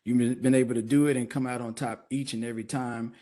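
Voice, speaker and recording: A man hosting an online talk show interview, speaking in a measured way and repeating words for emphasis. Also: mid-range voice, steady tone, warm tone.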